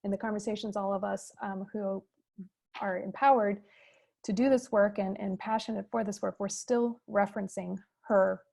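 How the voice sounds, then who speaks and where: A woman moderating a fireside chat over a video call, explaining terms in a measured, teacherly way. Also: medium pitch, fairly even intonation, vocal fry, a little mellow.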